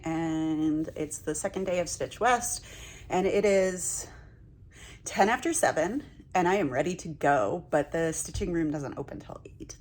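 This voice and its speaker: A woman vlogging in a casual, chatty way, telling self-deprecating stories with laughs. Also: on the low side. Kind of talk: casual vlog chat.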